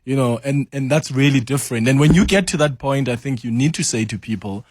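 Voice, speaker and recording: A man's voice: medium pitch, fairly quick, few pauses, darkish tone, dry recording, studio quality. A South African man hosting a talk radio call-in show, conversational and affirming as he moderates callers. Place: radio studio.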